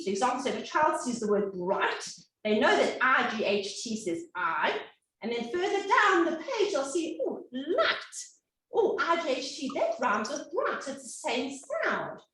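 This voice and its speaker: A woman giving an educational talk as a reading specialist, animated and acting out sounds the way she does with children. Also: fairly high pitch. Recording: echoey room, distant mic.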